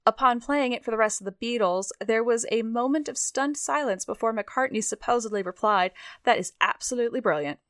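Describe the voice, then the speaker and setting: A woman's voice: fairly high pitch, brisk, hardly any pauses, fairly bright tone, no echo, studio quality. A young woman co-hosting a podcast in casual chat, self-deprecating and prone to restarting her sentences. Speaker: podcast co-host.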